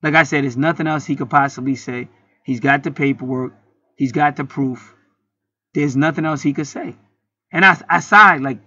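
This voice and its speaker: A man's voice: medium pitch, normal speed, bright, forceful tone, husky, lo-fi sound. A man telling a story in a casual, heated monologue, swearing often and rambling with many restarts. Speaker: channel host.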